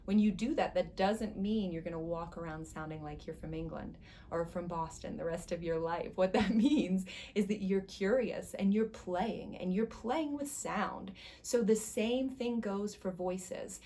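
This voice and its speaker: A woman voice teacher giving a casual, encouraging singing lesson, chatting and now and then breaking into high sung slides. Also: measured pace, dark tone, a little hiss or hum. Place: music school studio.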